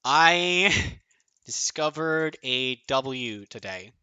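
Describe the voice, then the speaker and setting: A man streaming his own online card game tournament, thinking aloud, counting out numbers and swearing often, his voice going a bit hoarse. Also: mid-range voice, animated, drawn-out words, bright, forceful tone, no echo. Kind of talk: excited live commentary of own play.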